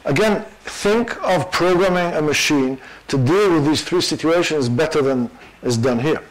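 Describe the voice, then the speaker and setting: An older man giving a university lecture, animated and full of fillers. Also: a little high, normal speed, a little hiss or hum, rough recording. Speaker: guest lecturer.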